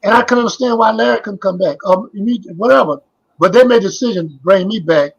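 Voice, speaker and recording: Husky-voiced older man telling old stories. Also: sits high, quick pace, dull audio. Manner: rambling, repeats phrases, trails off. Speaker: guest, former basketball player. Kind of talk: casual interview storytelling.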